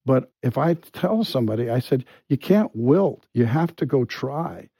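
A man speaking as an actor guest in an interview, frank and unpolished, swearing freely and restarting his sentences. His voice is warm and mellow, and the recording is dry with no room sound. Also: medium pitch, expressive, measured pace, slightly rough, no echo, low-quality recording. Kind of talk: candid interview storytelling.

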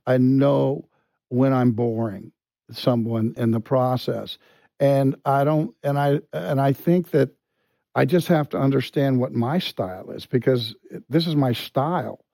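Mellow-voiced man telling candid stories. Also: medium pitch, a little slow, gravelly, no echo, rough recording. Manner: frank, swears freely, many restarts. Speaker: actor guest. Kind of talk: candid interview storytelling.

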